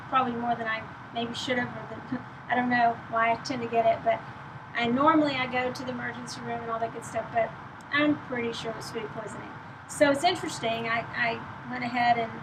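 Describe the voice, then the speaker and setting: A woman from East Texas with a Texan accent, hosting a casual chat to camera. Her voice is weak and out of breath from being unwell, and she pushes it loud so it carries as she rambles along. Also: fairly high pitch, background noise. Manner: speaking loudly to carry, chatty and rambling. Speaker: host.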